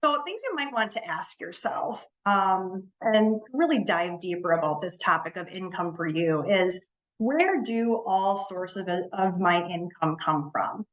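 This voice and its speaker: A woman who works as a financial advisor, giving a relaxed webinar presentation, explaining with frequent ums and repeated words and leaning on the key words. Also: lowish voice, measured pace, rough recording. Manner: leans on key words for emphasis.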